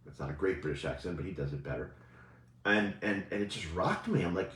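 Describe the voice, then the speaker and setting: A man's voice: low voice, animated, fairly quick, fairly bright tone. A male coach giving a casual motivational talk, talking conversationally and often asking "right?" as he goes. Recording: roomy echo.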